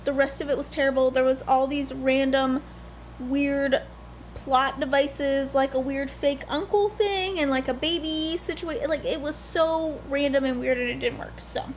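A woman's voice: high voice, fairly even intonation, moderate pace, a little hiss or hum. A young woman in her twenties chatting candidly and rambling as a book vlogger. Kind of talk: casual vlog chat.

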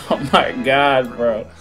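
A young man giving excitable, slangy live commentary on a game, with loud outbursts. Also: medium pitch. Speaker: gaming creator.

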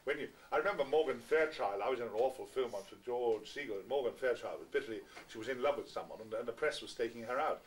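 A man's voice: mid-range voice, fast talker, hardly any pauses. A man in his sixties, a guest actor, telling wry, self-mocking anecdotes to fans in a theatrical way. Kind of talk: anecdotal storytelling. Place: small packed venue, indoors. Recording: distant amateur recording with faint hiss.

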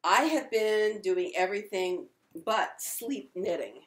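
A woman's voice: medium pitch, expressive, slow pace. A middle-aged woman co-hosting a casual knitting video chat with her daughter in an apartment, talking with enthusiasm and laughing easily. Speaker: podcast co-host.

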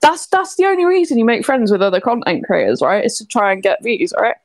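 A woman's voice: fairly high pitch, very animated, quick pace, no echo. A woman gaming streamer chatting casually with a guest, teasing and laughing often. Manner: giggly, teasing banter.

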